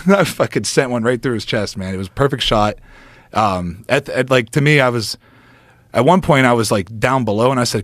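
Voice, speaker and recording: A man on a podcast telling a long hunting story in a casual, animated way, swearing often and laughing between lines. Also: mid-range voice, moderate pace, dry recording, studio quality. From United States. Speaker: podcast guest, former football player.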